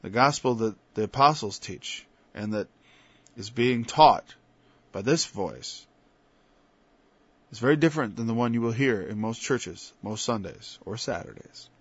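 A man's voice: medium pitch, animated, a little slow, fairly bright tone, husky, no room sound. A man preaching an informal Bible-study sermon. He talks conversationally, stops and restarts, then builds to emphatic peaks. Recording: dull lo-fi dry recording.

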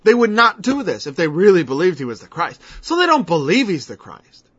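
A man's voice: high voice, very animated, a little fast, fairly bright tone, husky. A man preaching a verse-by-verse Bible teaching in a conversational way, acting out the people he quotes in changed voices. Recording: dull lo-fi recording.

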